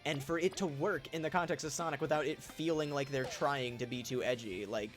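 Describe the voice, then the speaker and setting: A man's voice: a little high, a little fast, soft background music. A young man chatting casually on a game stream, rambling with many fillers and swearing. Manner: rambling, lots of fillers and swearing, loud laughing impressions. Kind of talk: casual gaming stream chat.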